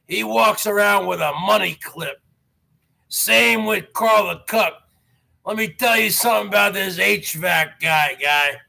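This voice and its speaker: A man's voice: high voice, creaky, sharp tone. Brash boastful male livestream host. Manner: brash, boastful, taunting viewers. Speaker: show host. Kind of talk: livestream talk.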